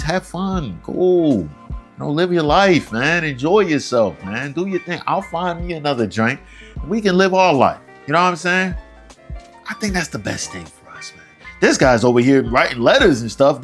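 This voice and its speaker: A man's voice: high voice, fairly bright tone. A man hosting a reaction show, ranting in exasperation and laughing often as he comments. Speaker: reaction channel host.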